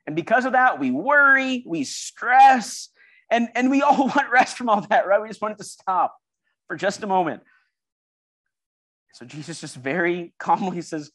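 A man delivers an earnest sermon at a church service, his pitch swinging widely as he presses each point. He leans on repetition to build emphasis. The sound is dry and close, with little room echo. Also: a bit bright. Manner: earnest, emphatic, builds through repeated phrases. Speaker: preacher.

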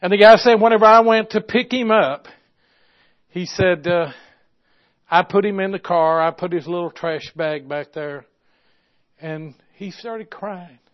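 A man preaching a sermon, moving from quiet, hushed storytelling to loud, impassioned exhortation. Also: sits high, measured pace, long pauses. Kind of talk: sermon with stories. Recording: dull lo-fi recording.

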